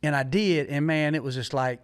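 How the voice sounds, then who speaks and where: Man, middle-aged podcast host, folksy, excitable storyteller, slightly high pitch. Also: brisk, clear, resonant tone. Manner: animated storyteller, folksy, laughs often. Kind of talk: casual chat.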